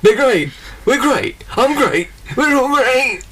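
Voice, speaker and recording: A man's voice: very high voice, animated, slow, pushed and bright, slightly rough, voice pushed up, exaggerated voice. A man voicing a weary aging male cartoon tiger mascot who repeats his catchphrase in a sing-song way. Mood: chanting.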